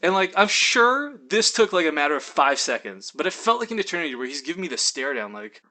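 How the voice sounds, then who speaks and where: A young man telling a story casually in his vlog, animated, full of fillers and acted-out quotes. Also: a little high, a little fast. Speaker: vlogger.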